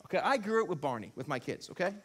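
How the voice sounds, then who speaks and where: High-voiced animated preaching man. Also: rapid-fire. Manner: animated, rising to emphatic peaks, rhetorical questions. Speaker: pastor. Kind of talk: sermon. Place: church sanctuary.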